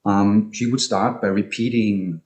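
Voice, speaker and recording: A man's voice: on the low side, steady tone, a little slow, a little mellow. A man giving an online academic talk on music and poetry, speaking hesitantly with many ums and restarts over a video call.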